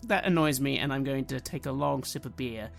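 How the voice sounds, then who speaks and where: A man's voice: mid-range voice, fairly quick, gravelly, soft background music, lightly acted. A man playing a brash, hot-tempered young party guy in a tabletop game, swearing and blustering. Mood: irritated. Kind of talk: in-character tabletop role-play.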